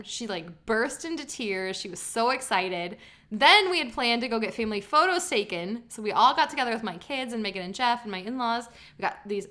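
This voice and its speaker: A woman's voice: fairly high pitch, pushed and bright. A woman co-hosting a podcast in casual chat, telling rambling stories and thanking listeners. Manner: chatty, rambling storyteller. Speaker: podcast co-host.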